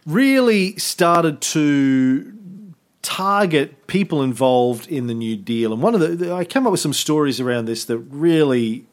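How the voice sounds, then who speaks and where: A man's voice: fairly high pitch, lively intonation, unhurried. Chatty man explaining history. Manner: explanatory, with frequent fillers and self-corrections. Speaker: podcast co-host. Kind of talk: casual history podcast chat.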